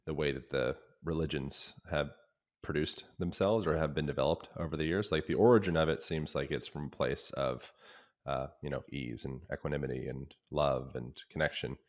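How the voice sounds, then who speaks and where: A man hosting a podcast, thinking aloud in a searching, conversational way. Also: very deep voice. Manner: thoughtful, searching, with restarts. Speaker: podcast host. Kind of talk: casual interview talk.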